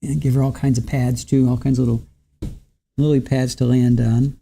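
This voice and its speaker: A relaxed livestream host chatting casually through viewer comments, the voice dark and mellow with middling pitch. The talk is loose and easygoing, with small chuckles between remarks. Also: normal speed, gravelly.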